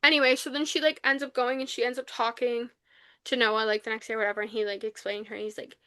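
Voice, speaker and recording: A young woman co-hosting a podcast, recapping a novel in casual chat, animated and full of fillers, acting out the lines she quotes. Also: a little high, fast talker, dry recording. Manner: animated retelling, acts out quotes, many fillers. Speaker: podcast co-host. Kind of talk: casual book review chat.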